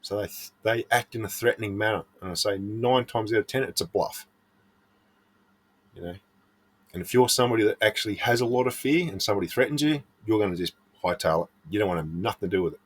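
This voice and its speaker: Australian man, middle-aged, lowish voice, earnest and blunt, casual advice monologue. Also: fast, husky. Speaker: prospecting vlogger.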